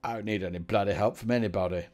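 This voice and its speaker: A man playing a pompous, boastful old English gentleman, grumbling through a game. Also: lowish voice, steady tone, very fast, soft background music, lightly acted. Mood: gruff banter. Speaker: game player. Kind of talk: comedic let's-play banter.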